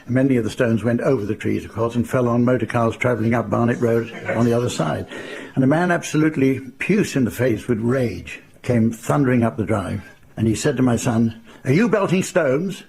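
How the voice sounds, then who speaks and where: Older English raconteur, gravelly, mid-pitched, dry understated delivery. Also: male voice, darkish tone. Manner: dry, unhurried, wry understatement. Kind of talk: anecdotal storytelling to a live audience.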